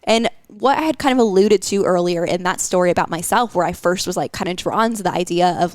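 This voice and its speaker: A woman's voice: medium pitch, brisk, no echo. A woman hosting a podcast as a nutrition coach, talking casually with many fillers. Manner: chatty, lots of fillers.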